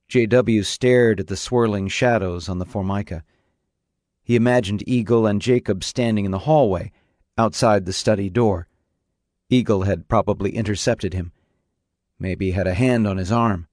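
A man narrating a novel on radio in a measured, even storytelling manner. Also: fairly low pitch, no echo, studio quality. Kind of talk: audiobook reading on radio.

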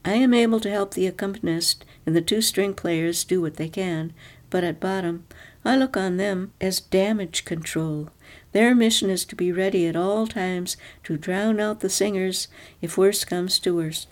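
A woman reading the lines of a sharp-tongued, weary middle-aged wife in a storybook reading, clipped and self-deprecating. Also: medium pitch, moderate pace, close to an everyday voice. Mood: bitter.

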